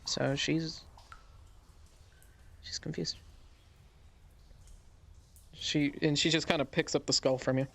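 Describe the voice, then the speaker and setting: A man's voice: a little high, level tone, slow pace, creaky, pauses often, fairly bright tone. A man running a tabletop game as game master, narrating loosely with fillers.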